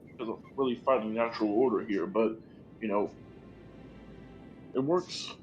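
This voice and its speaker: A man playing a tabletop game who talks in a halting way, full of fillers. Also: fairly low pitch, darkish tone, dull audio, soft background music. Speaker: player. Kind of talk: casual tabletop play.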